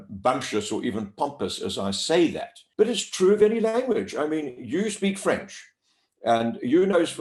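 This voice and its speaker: A man from Africa, a voice coach giving measured, emphatic interview answers to a camera. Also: medium pitch, a little mellow. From South Africa. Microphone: speaking to camera. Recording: roomy echo.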